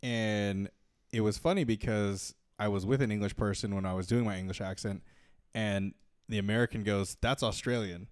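A man in casual chat, tossing in dry, quick quips and short agreements. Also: fairly low pitch, fairly even intonation, a little mellow, clean tone.

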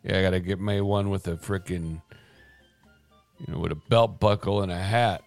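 Laid-back low-voiced male co-host. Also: fairly even intonation, normal speed, vocal fry, faint music behind. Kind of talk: casual morning show banter.

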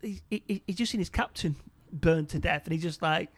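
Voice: medium pitch, fairly quick, husky. A speaker casually retelling a film's plot scene by scene, stumbling over and repeating words. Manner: stammering, repeats words often.

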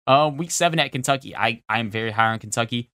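A young man co-hosting a sports podcast, talking fast and opinionated in a casual chat. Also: mid-range voice, sharp tone, smooth, no room sound, clean studio sound. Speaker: podcast co-host.

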